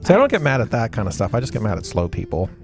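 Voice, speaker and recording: A man's voice: lowish voice, very animated, racing. A man co-hosting a podcast, chatting casually in an easygoing way. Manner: easygoing, short reactions. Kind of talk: casual chat. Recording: faint background music.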